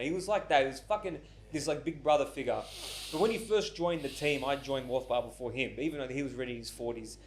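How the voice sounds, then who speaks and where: A man in his twenties or thirties tells stories on his podcast in a loose, unfiltered way. He swears freely and jumps into the voices of the people in his stories. His pitch sits at an ordinary middle height for a man. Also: quick pace, a little hiss or hum. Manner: animated storyteller who acts out quoted voices, swears often. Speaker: podcast host. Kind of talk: casual storytelling chat.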